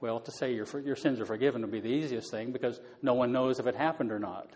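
A man explaining Bible passages in a relaxed, conversational teaching style, with many fillers. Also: medium pitch, fast, long reverb tail. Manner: conversational, many fillers, paraphrases scripture casually.

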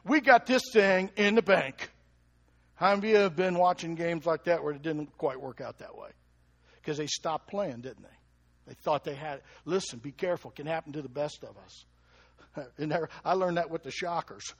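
A man preaching a lively sermon, who keeps asking the congregation questions and chuckles between points. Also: on the high side, a little fast, vocal fry, slightly rough, dull audio. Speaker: pastor.

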